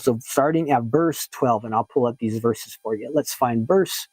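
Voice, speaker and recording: A man's voice: medium pitch, darkish tone, no room sound, rough recording. Man teaching a Bible lesson, dry sound. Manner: reads verses aloud and explains them plainly.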